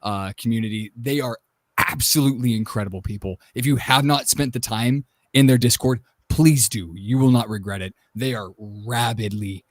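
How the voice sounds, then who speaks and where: A man, a voice actor on a panel, telling a relaxed and enthusiastic story about his work. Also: mid-range voice, normal speed, no echo. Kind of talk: casual panel talk.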